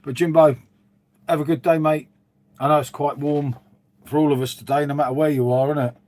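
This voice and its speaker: Middle-aged bloke, casual stream host, chatty and rambling, keeps saying mate. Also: male voice, a little high, steady tone, a little fast, darkish tone. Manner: chatty, rambling, says "mate" a lot, reads and answers viewers. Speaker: livestream host. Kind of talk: casual live-stream chat. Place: dim room at home.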